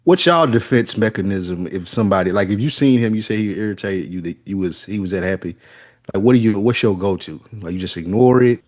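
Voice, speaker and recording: A man co-hosting a podcast in casual chat, given to sarcastic, deadpan joking. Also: fairly low pitch, fairly quick. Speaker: podcast co-host.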